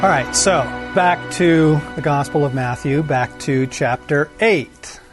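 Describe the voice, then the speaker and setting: A man teaching from the Bible in a relaxed, conversational way, acting out quoted lines with lively jumps in pitch. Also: slow, over music. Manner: conversational, animated, acts out quotes with shifts in pitch.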